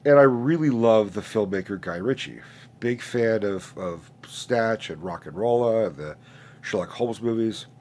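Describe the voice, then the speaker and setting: A man's voice: on the low side, animated, unhurried, darkish tone. A man in his late twenties who sounds stuffed up from a sinus infection, hosting a casual, profane, rambling rant with many restarts. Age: late 20s. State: congested, stuffed-up nose. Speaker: host.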